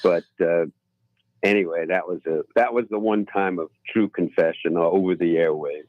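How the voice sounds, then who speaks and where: Low-voiced man telling flying stories. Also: fairly even intonation, normal speed, dry recording, dull audio. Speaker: pilot guest. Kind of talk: casual radio interview storytelling. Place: radio studio.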